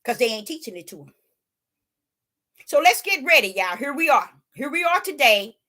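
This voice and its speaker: A woman's voice: high voice, big pitch swings, moderate pace, bright, forceful tone. A woman preaching informally, emphatic and rhetorical, with folksy dialect and phrases repeated for emphasis.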